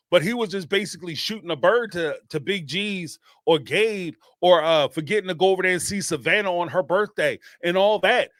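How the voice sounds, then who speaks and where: A man with a high voice talks through a live commentary stream, animated and emphatic, often repeating a line to hammer it home. The sound is dry and close. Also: no room sound. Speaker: host of a reality TV commentary channel.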